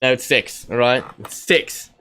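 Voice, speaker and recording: A man's voice: mid-range voice, a little slow, pushed and bright. A young man chatting casually on a podcast over a video call, joking and slipping into mock accents. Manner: playful, slips into mock accents. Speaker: podcast co-host.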